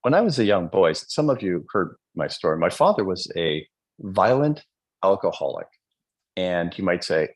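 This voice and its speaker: A man with a low, husky voice preaches gratitude in a live motivational speech. His pitch leaps and falls with great animation as he throws questions to the crowd and acts out quotes. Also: big pitch swings, moderate pace. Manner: fervent, often asks the audience questions. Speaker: motivational speaker.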